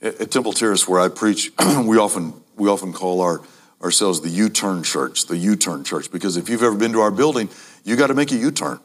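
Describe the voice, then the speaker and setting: A man preaching a sermon to a congregation, emphatic, repeating key phrases and speaking to the audience as ladies and gentlemen. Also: fairly low pitch, expressive, a little fast.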